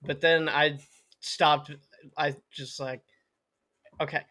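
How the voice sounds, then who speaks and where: A man's voice: a little high, steady tone, takes it slowly, pushed and bright. A man co-hosting a podcast, chatting casually with laid-back, joking banter and slang. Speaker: podcast co-host. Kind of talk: casual chat.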